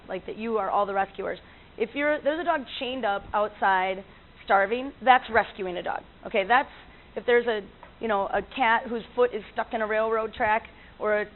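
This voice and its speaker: A woman who works as an animal communicator, telling stories in a chatty way with frequent laughs and restarts. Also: mid-range voice. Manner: chatty, laughs often, many fillers and restarts. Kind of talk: casual storytelling talk. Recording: tinny lo-fi line with faint noise.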